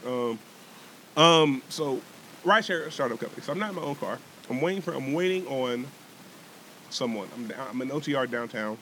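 In casual podcast talk, a young co-host tells a heated story with plenty of swearing, restarts and repeated words, sounding animated. He speaks at a moderate pace in a mid-range voice, with a little hiss or hum audible.

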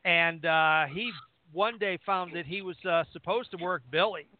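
A man co-hosting a radio show, telling a story in a halting way with many fillers, over a phone line. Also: high-pitched, a little hiss or hum.

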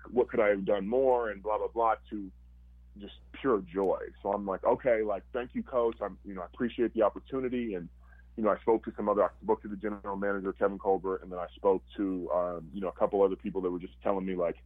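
Fast-talking husky man telling stories. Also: lowish voice, dry recording, phone-quality sound. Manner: animated, acts out quotes, many fillers. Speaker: guest, former pro football player. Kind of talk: casual storytelling.

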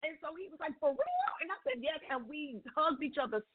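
A middle-aged woman on a call-in show, telling her story in a lively way and acting out each voice in the dialogue. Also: a little fast. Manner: expressive, acts out dialogue with big pitch jumps. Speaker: call-in guest sharing a testimony. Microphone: telephone. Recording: tinny phone line.

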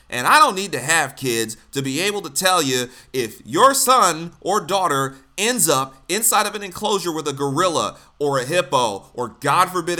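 A man's voice: a little high, pushed and bright. A man delivering a blunt, exasperated, profane ranting commentary.

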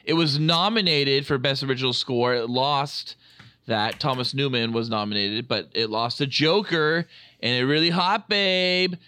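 Podcast co-host, male, bright crisp voice, dry close mic, jokey and loose. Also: mid-range voice, moderate pace, dry recording. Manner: jokey, hesitant restarts, leads the segment. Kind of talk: casual chat.

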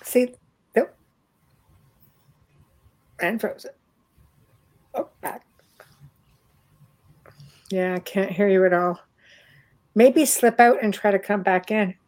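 A middle-aged woman with a Canadian accent, chatting away over a video call. She talks at an easy, ordinary pitch and breaks into laughter often as she tells her story. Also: takes it slowly, long pauses, a little mellow. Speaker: host. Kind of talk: casual chat on a video call.

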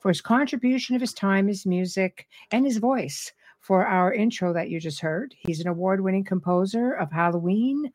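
A middle-aged woman hosting a live talk show, chatting casually with a robust, lively way of speaking and frequent laughter. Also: mid-range voice, moderate pace, hardly any pauses. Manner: robust, animated, laughs often. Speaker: radio show host.

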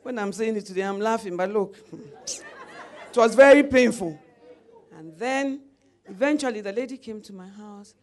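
A middle-aged woman preaching from the pulpit, mid-pitched and animated. She tells a personal story, breaking into laughter and calls of amen. Her voice sits at a medium pitch for a woman. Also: moderate pace, pauses often, a faint crowd.

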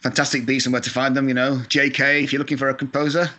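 Chatty Scottish-born man, quick and bright. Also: medium pitch, level tone. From Scotland. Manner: chatty, self-deprecating, mild swearing, many fillers. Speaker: video game composer, guest. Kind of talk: casual interview chat. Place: lives in California.

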